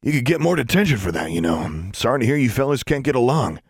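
A man voicing a friendly middle-aged custodian wizard who gently lectures boys in an audiobook. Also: medium pitch, big pitch swings, fast, vocal fry, slightly rough, no echo, clean studio sound, voice pushed up, full character voice. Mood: genial. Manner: friendly, mildly admonishing.

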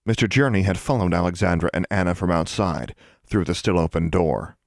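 A man reading a fantasy story aloud in a measured, even narration. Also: low voice, vocal fry, dry recording, clean studio sound. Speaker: audiobook reader.

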